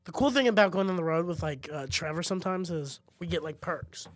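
A male comedian co-hosting a podcast in casual chat, an animated storyteller who bursts into loud excitement when acting out stories. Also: a little high, brisk, no room sound.

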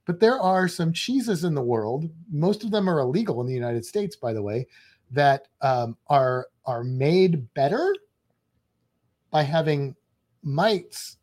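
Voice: mid-range voice, lively intonation, measured pace, a little mellow. A co-host chatting casually on a charity livestream, rambling a little and reading viewer comments aloud with mild exclamations.

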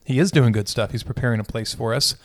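A man's voice: medium pitch, quick pace, no room sound. A man who is a pastor, in a casual conversation about faith, thinking aloud and often correcting himself.

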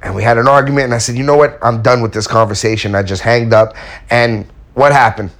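A man's voice: medium pitch, brisk, fairly bright tone. Blunt man giving candid life advice. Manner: blunt, candid, storytelling with acted-out quotes. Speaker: self-help speaker. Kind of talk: casual motivational talk to viewers.

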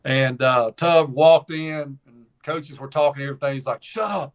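A man's voice: medium pitch, moderate pace. A man with a Southern accent, a former college football player, telling stories in casual chat with folksy phrasing. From Mississippi. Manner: animated storyteller with folksy phrasing. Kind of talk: casual storytelling.

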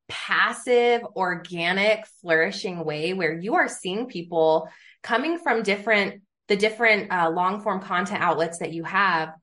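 A woman's voice: medium pitch, a bit bright. A woman hosting a faith and business podcast, talking in an enthusiastic, chatty way full of "like". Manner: enthusiastic, chatty, uses many fillers like "like". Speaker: podcast host. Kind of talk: casual podcast conversation.

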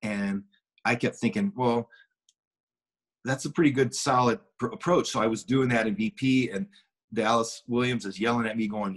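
Husky-voiced man telling a story. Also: medium pitch, fairly quick, a bit bright. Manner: rambling, with many restarts and acted quotes. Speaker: former pro baseball player, guest. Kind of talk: casual anecdotal storytelling.

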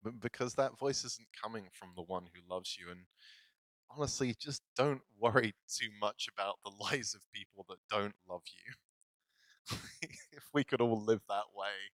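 A man's voice: on the low side, unhurried, a bit bright, dry recording, poor audio. A male pastor giving a casual, self-deprecating sermon, laughing often as he talks. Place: church.

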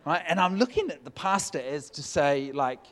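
Man telling a lively sermon story. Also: on the high side, moderate pace. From California. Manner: animated, jokey storytelling with laughs. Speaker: preacher.

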